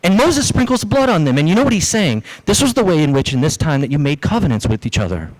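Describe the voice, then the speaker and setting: A man preaching a sermon as pastor, lively, acting out the voices he quotes. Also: fairly high pitch, fast talker, low-quality recording. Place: church.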